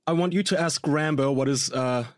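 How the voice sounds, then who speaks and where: A man co-hosting a podcast, chatting excitedly and gushing in casual banter. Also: on the high side, dry recording, studio quality. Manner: excitable, quick to gush and laugh. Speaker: podcast co-host. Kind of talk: casual comedic chat.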